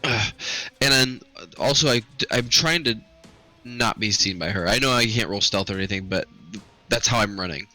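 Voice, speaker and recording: Low, bright-toned man playing a tabletop game. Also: moderate pace, faint music behind. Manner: chatty, thinks aloud, self-correcting. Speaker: player. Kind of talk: casual tabletop play.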